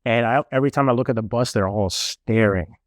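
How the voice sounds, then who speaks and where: A young man telling a travel story in casual chat, animated and full of fillers. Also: medium pitch, fairly quick, no echo, clean studio sound. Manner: animated, lots of fillers, mimics officials.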